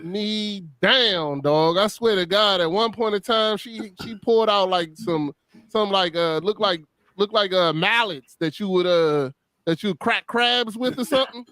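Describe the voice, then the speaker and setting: A man's voice: high voice, unhurried, a bit bright, smooth, no room sound. A man telling a funny story in a casual chat, slangy and laughing often as he talks. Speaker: podcast host.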